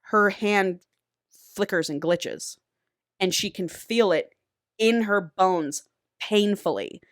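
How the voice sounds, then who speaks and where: A woman co-hosting a podcast, retelling a novel in an animated, casual way and swearing freely. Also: medium pitch, slow, no room sound, clean studio sound. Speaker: podcast co-host. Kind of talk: casual book recap.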